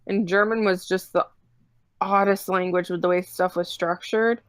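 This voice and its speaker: A woman's voice: fairly low pitch, steady tone, normal speed, dry recording. A woman from Kentucky with a Southern US accent, chatting casually and easily as a stream guest. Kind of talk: casual chat.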